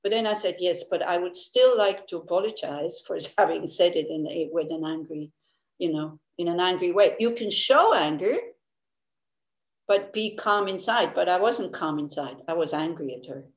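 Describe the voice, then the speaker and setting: A woman's voice: lowish voice, moderate pace. A woman Buddhist teacher giving a casual dharma talk, candid and laughing often, with frequent restarts. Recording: echoey room.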